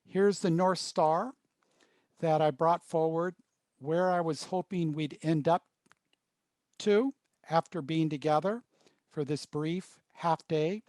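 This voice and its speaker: A man leading a workshop, telling stories in short, paused phrases. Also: on the high side, darkish tone, no echo. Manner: storytelling, pausing in short phrases. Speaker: workshop trainer. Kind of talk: workshop presentation.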